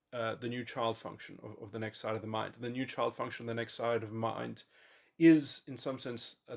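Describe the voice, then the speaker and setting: A man thinking aloud in a long speculative monologue, halting often and restarting his sentences. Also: mid-range voice, gravelly. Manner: musing, halting, with many restarts and fillers. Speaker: podcast host. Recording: voice memo.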